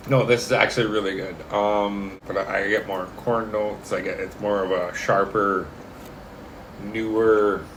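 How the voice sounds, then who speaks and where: A man's voice: lowish voice, little pitch movement, a little slow, a bit bright, a little hiss or hum. A man co-hosting a casual whiskey tasting, swearing freely and cracking teasing jokes.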